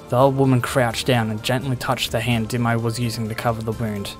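A man narrates the story text of a video game in a steady storytelling way. His voice sits at a middle pitch. Faint music plays underneath. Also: brisk, few pauses.

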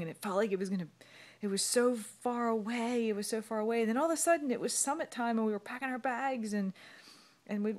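A woman records a video message from her bed at home, rambling warmly through a long, emotional thank-you. She speaks into a phone camera and fights to keep from crying. Her voice sits in the middle of the pitch range. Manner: rambling and emotional, holding back tears. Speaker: fitness coach.

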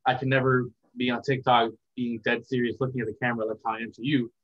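A young content creator gives a casual interview, rambling in a relaxed, reflective way. His mid-range voice moves at a quick pace, and the recording has a dull lo-fi sound.

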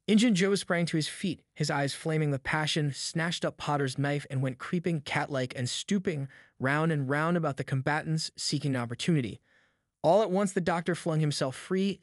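Male audiobook narrator, measured storytelling, fairly high voice, dry booth sound. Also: no echo.

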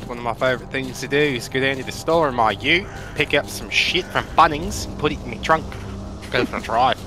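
A boozy Aussie bloke, as a gamer puts him on. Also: male voice, medium pitch, a little fast, close to an everyday voice. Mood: boastful. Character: boozy laid-back Australian bloke.

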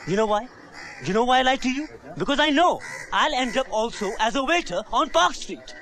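A man's voice: extremely high pitch, expressive, a little fast, pushed and bright, exaggerated voice. An actor playing a bitter, self-loathing young son who rants and repeats himself at his mother in a film drama. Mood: despairing.

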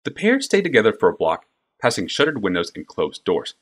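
A man narrates a fantasy novel with an expressive, storytelling delivery. His voice is deep, and his pitch moves lively through the action. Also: brisk, husky. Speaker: audiobook narrator. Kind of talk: scripted narration.

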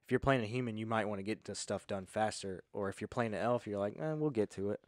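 Man, low voice, casual podcast host, loose explainer, dry recording. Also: fairly even intonation, fast, no echo. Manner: laid-back, filler-heavy explaining. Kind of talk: casual chat.

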